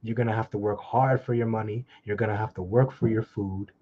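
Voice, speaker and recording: A man giving an informal scripture talk, blunt and scolding with mocking asides, and reading the verses slowly. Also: on the low side, steady tone, lo-fi sound. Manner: slow, drawn-out scripture reading. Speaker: preacher.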